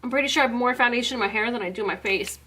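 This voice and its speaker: Young woman, vlogger, high voice, casual chat, giggly, flustered. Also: rapid-fire, sharp tone. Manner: giggly and flustered, frequent exclamations.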